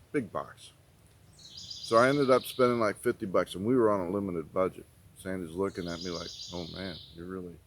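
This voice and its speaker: A man's voice: lowish voice, noisy background. A middle-aged man telling a long personal story in a folksy, rambling way, often repeating "I said" as he retells conversations. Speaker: prepping channel host. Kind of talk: casual storytelling.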